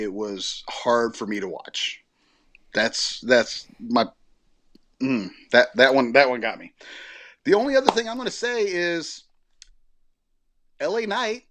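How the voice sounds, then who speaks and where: A man's voice: mid-range voice, a bit bright, no echo. Podcast co-host man, dry close sound. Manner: rambling, self-correcting storytelling. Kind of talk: casual chat.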